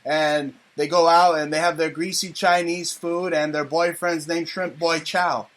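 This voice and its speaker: Talk radio host, male, raised-pitch voice, loud crude political ranter. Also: little pitch movement, unhurried. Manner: loud, ranting, profane. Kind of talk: crude comedic political rant.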